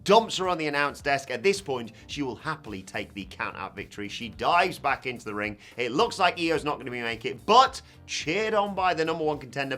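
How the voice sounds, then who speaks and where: Bright, animated wrestling reviewer. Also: male voice, fairly high pitch, moderate pace, few pauses. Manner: animated, swings loud to hushed asides. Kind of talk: scripted recap commentary.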